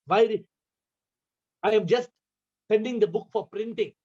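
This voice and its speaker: A spiritual teacher with an Indian English accent speaks in a high, slightly slow, mellow voice with a breathy edge. Giving a talk over a video call with dull lo-fi audio, he asks his listeners question after question.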